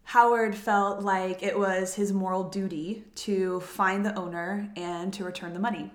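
A woman's voice: mid-range voice, steady tone, measured pace. A woman with a Southern US accent hosting a podcast, telling a story in a chatty, giggly way and stumbling over names. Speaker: podcast host. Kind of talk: casual storytelling chat. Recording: echoey room.

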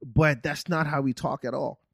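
Give me a male podcast host from France, casual and teasing, a bit high-pitched. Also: fairly even intonation, vocal fry, husky, no room sound, clean studio sound. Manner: laid-back banter, quick teasing asides.

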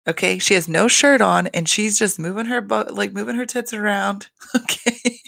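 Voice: medium pitch, normal speed, gravelly, fairly bright tone. A podcast host chatting casually through a reality TV recap, gushing, rambling and swearing freely on a home mic.

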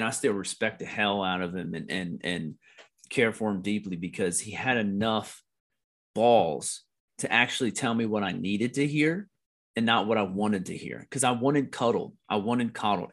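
Lowish-voiced guy from the states, middle-aged, swears a lot and circles back on his words in a frank chat. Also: a bit bright. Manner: blunt, profane, repeats himself while telling a personal story. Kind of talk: candid podcast conversation.

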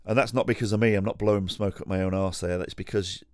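Low-voiced man telling a sweary anecdote. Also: fairly even intonation, quick pace, clear, resonant tone, no room sound, studio quality. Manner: rambling, sweary, self-deprecating, with frequent restarts and laughs. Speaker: podcast host. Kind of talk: casual storytelling monologue. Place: at home.

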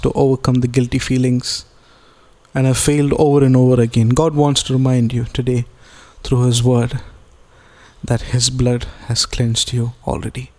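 A man's voice: mid-range voice, flat delivery, moderate pace, a little mellow. Earnest male pastor preaching a sermon. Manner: earnest, repeats key phrases for emphasis; reads scripture aloud and explains it plainly.

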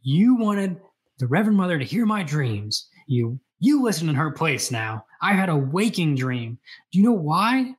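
A man's voice: very animated, normal speed, slightly rough. A man voicing an overwhelmed, bitter young man as he reads a novel aloud. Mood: intense. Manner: read aloud from a novel with raised pitch.

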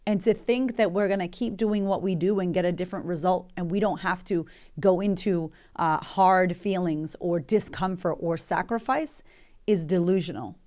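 A woman's voice: lowish voice, normal speed, a little mellow. A woman, hosting a motivational podcast in a candid, emphatic, chatty way with swearing. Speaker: podcast host and coach.

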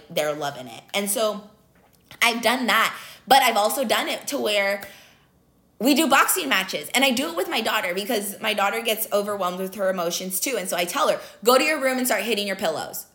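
A woman's voice: medium pitch, bright, forceful tone. A young woman talking earnestly about personal growth, emphatic and casual, with lots of fillers. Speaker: motivational speaker. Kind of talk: casual motivational talk.

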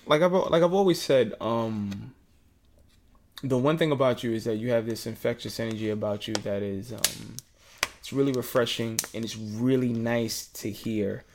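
A man hosting a podcast in loose, casual conversation, with a voice of middling pitch. He talks earnestly, swears freely and gets loud and animated when he's excited. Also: moderate pace, noisy background. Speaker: podcast host.

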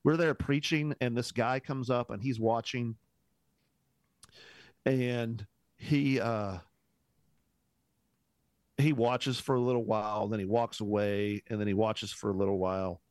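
A man's voice: medium pitch, unhurried, long pauses, no echo. A man, a pastor, telling a story casually in a podcast conversation and acting out what people said. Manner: animated storyteller who acts out the dialogue; casual, uses "man" often, restarts sentences.

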